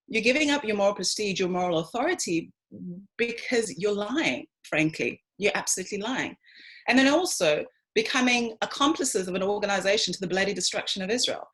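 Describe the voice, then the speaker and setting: A woman's voice: mid-range voice, low-quality recording. A woman giving a talk, speaking emphatically and addressing her listeners directly. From South Africa. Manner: emphatic, lively, addresses listeners as ladies and gents. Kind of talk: lecture to an online audience.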